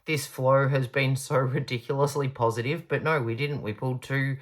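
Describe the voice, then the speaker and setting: A woman's voice: extremely low pitch, fairly even intonation, moderate pace. A woman giving a pick-a-card tarot reading, gushing and reassuring, stretching out her emphatic words.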